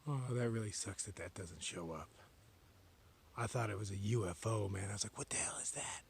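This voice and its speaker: A man vlogging alone on a forest trail at night, chatting casually to a handheld camera as he walks, sometimes dropping to a hushed whisper. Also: fairly low pitch, moderate pace, gravelly, a little hiss or hum. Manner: chatty, drifting between normal voice and hushed whispers. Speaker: solo long-distance hiker vlogging. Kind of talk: casual talk to camera while hiking.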